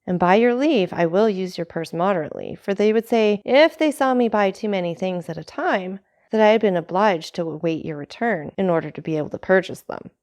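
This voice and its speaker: A woman reading a gentle frail old father. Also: mid-range voice, expressive, fairly quick, few pauses, lightly acted. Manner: soft, gentle, self-effacing. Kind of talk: audiobook character reading.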